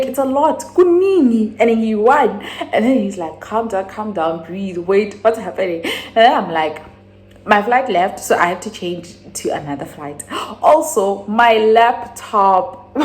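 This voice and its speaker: A young South African woman with a South African accent, casually retelling a personal story in a rambling, animated way, jumping to sudden high exclamations. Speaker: YouTuber.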